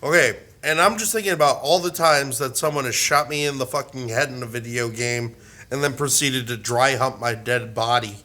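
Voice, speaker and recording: Bright-voiced joking male podcast host. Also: mid-range voice. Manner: crude joking, halting restarts. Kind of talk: casual podcast chat.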